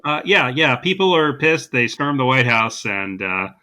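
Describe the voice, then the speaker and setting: A man's voice: medium pitch, very animated, unhurried, pushed and bright. A man co-hosting a podcast, casually recapping a movie with dry, sarcastic humor. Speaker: podcast co-host.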